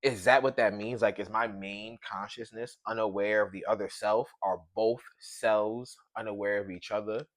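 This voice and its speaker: A Brooklyn man in his thirties, Brooklyn accent and all, hosts a solo podcast full of loose, slangy, profane riffing. His voice sits on the low side with fairly even intonation, moving at normal speed with few pauses, and the recording is dry.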